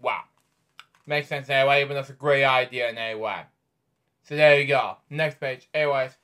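A man hosting a bedtime story show, reading a picture book aloud haltingly with offhand asides. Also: mid-range voice, steady tone, fairly bright tone. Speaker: host.

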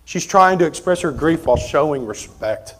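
A man preaching an expository sermon as pastor, conversational, moving between forceful emphasis and quiet asides. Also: on the high side, lively intonation, normal speed. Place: church sanctuary.

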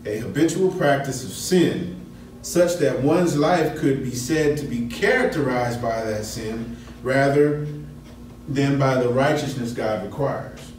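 A man's voice: medium pitch, a little slow, darkish tone, slight background noise. A man teaching a Bible study lesson in a conversational way, asking his class questions as he explains. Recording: echoey room, mic at a distance.

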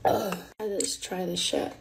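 A woman's voice: fairly low pitch, steady tone, takes it slowly, gravelly, heavy background noise. A young woman in her twenties, hungover, chatting casually and swearing a lot while doing her makeup for a vlog. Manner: hungover and swearing, rambling with lots of "like". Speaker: vlogger. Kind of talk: casual get-ready-with-me vlog. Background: music.

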